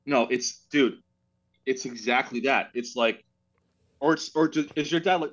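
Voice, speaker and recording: A man's voice: medium pitch, a little slow, a bit bright, dull audio. A young man co-hosting a comedy podcast, wry and self-deprecating, often restarting his sentences. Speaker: podcast co-host. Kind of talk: casual comedy chat.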